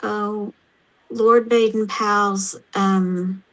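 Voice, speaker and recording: A woman with an Oklahoma accent, hosting a casual chat and talking haltingly with many pauses and fillers. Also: medium pitch, fairly even intonation, fairly bright tone, rough recording. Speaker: host.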